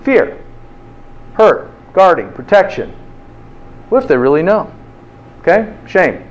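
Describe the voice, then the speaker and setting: A man's voice: high voice, slow, lo-fi sound. Guy doing a motivational health talk, bouncy up and down voice, asks the crowd lots of questions, little chuckles here and there. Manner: lively storyteller with rhetorical questions.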